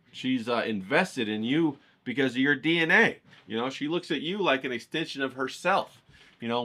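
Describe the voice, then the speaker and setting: Bright-voiced rambling male host. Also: medium pitch. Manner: digressive, folksy, says "you know what I'm saying". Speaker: art livestream host. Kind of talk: rambling casual monologue.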